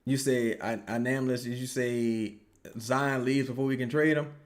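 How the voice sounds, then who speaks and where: A young man giving casual, profane live reaction commentary on a basketball game, answering viewer questions and yelling at plays. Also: medium pitch, normal speed. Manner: profane, animated, yells at plays. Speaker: live game watch-along streamer.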